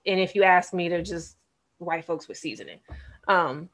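A woman chats casually as a podcast co-host. Her voice sits a little low, and her manner is blunt and candid, with laughter mixed into her talk. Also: expressive, normal speed, a bit bright. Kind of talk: casual chat.

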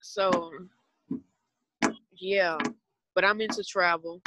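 A woman's voice: fairly low pitch, steady tone, slow, lo-fi sound, very noisy. A woman in her twenties with a Southern US accent, chatting casually and earnestly on a podcast in a rambling way. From Southern United States. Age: 20s. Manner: rambling, earnest, talks about spirituality.

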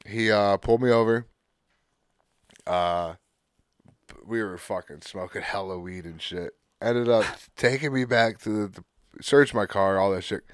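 Man, casual podcast storytelling, smooth clear voice, close dry sound. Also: fairly low pitch, dry recording. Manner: laid-back, swears a lot, acts out quotes. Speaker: podcast co-host.

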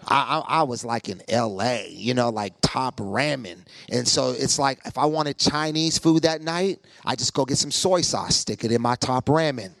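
A man preaching with comic stories, acting out each voice and stammering when he gets excited. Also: medium pitch, moderate pace, vocal fry, few pauses, no room sound. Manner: animated, acts out every voice in his stories. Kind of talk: comic storytelling sermon.

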